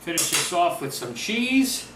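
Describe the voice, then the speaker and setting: A man's voice: fairly high pitch, very animated, measured pace, recorded from a distance, background noise. Chatty man cooking in an echoey kitchen. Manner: chatty, upbeat, talks with mouth full. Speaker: home cooking vlogger. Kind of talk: casual cooking demo. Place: home kitchen. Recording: roomy echo, voice from off-mic. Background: sizzling food on a grill.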